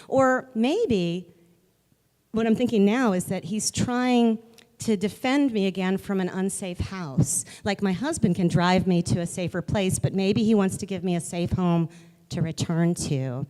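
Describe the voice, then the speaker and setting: A woman's voice: mid-range voice, moderate pace. Chatty woman telling a true-ish story, um and like everywhere, echoey big room. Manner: animated, chatty, lots of fillers. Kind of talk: personal storytelling.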